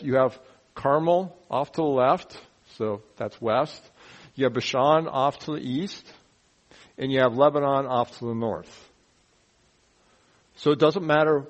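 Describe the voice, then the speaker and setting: A man teaches the Bible verse by verse in an animated style, posing rhetorical questions, making sound effects, and tossing in folksy, joking asides. His voice is medium in pitch, and the recording has its highs cut off.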